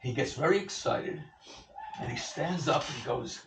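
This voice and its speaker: An older man in his sixties giving an animated storytelling speech to an audience at an event, acting out the people he quotes. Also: a little high, normal speed, vocal fry, a little hiss or hum. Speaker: event speaker. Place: event hall. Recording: echoey room, far from the mic, dull sound, faint ambience.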